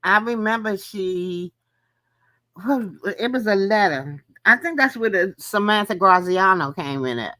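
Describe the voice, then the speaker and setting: A panelist in a casual online chat earnestly recalls details. The voice is bright and tense, recorded dry and close. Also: medium pitch, animated, a little slow, no echo.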